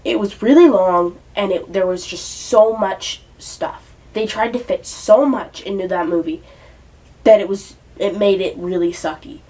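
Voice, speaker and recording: A woman's voice: medium pitch, measured pace, warm tone, distant mic, low-quality recording. Exasperated young woman ranting, a bit off-mic. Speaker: movie reviewer. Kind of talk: casual vlog rant.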